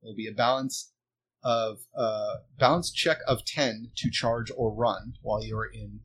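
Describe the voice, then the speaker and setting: A man's voice: lowish voice, steady tone, measured pace, a bit bright, breathy edge. Man narrating as game master.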